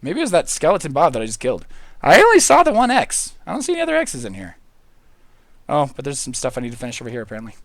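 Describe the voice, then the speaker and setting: Hyper, goofy man with wild pitch swings. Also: wildly swooping pitch, rapid-fire, dry recording. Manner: hyper and goofy, swings from loud squeals to mumbled asides. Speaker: livestreamer. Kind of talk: excitable gaming livestream chatter.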